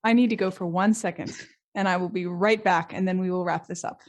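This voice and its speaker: A woman's voice: fairly low pitch, steady tone, a little fast. Australian woman hosting a podcast. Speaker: podcast host. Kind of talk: casual podcast chat.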